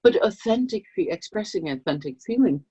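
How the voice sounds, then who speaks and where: Woman, coach, explanatory talk to camera, husky, muffled low-fidelity audio, acts out example voices. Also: fairly quick. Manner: acts out example voices with a lively, expressive delivery. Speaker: business coach and trainer.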